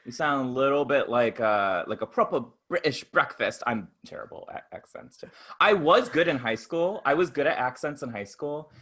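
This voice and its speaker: A man co-hosting a podcast in casual chat, gushing and animated, breaking into laughter. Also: mid-range voice, moderate pace. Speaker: podcast co-host.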